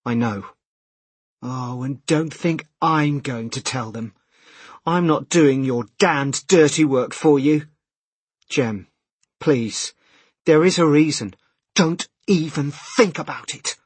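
A man puts on a furious adult sister in a storybook reading, her voice choked with tears and raised higher and louder than his own. The scolding comes out bitter, with a husky edge. It is recorded dry and close. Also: lively intonation, takes it slowly, dry recording, heavily acted. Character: angry tearful adult sister.

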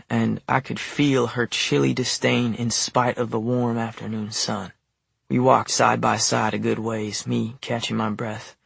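A man narrating an audiobook in the first person, measured and wry. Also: medium pitch, vocal fry, breathy edge, no room sound.

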